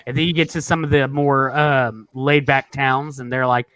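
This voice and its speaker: A man's voice: medium pitch, level tone, normal speed, a bit bright, smooth, no echo, poor audio. A talkative man from Texas in a casual online chat, rambling and swearing freely.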